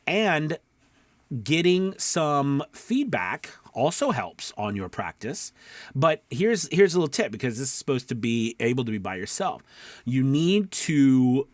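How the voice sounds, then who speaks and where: A man's voice: medium pitch, no echo. A man coaching beginner voice actors in a casual teaching talk, often checking in with "okay" and "right.". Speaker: voice acting coach.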